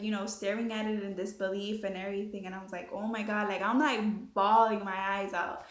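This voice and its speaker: A young woman telling her story in a casual, animated way, full of fillers and swearing. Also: medium pitch. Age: young adult. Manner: chatty, animated, swears freely, many fillers. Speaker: vlogger. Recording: echoey room.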